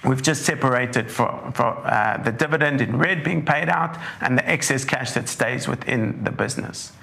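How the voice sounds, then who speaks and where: A man, a portfolio manager with a croaky, hoarse throat, giving a measured webinar presentation that walks through charts. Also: medium pitch, pushed and bright. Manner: measured, leans on "importantly", walks through slides.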